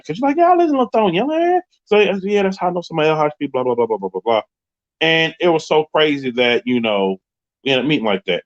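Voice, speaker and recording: A man's voice: mid-range voice, no room sound, muffled recording. A man, telling a story on a live stream and acting out the other people's voices. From Queens, New York. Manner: animated, acts out the voices of people in his story. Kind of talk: casual storytelling on a livestream.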